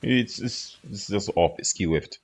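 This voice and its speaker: Low-voiced, rambling man streaming. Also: lively intonation, normal speed, fairly bright tone, faint music behind. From southeast England. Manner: rambling, loose and slangy, thinks aloud. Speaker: streamer playing a fighting game. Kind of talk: casual live-stream commentary.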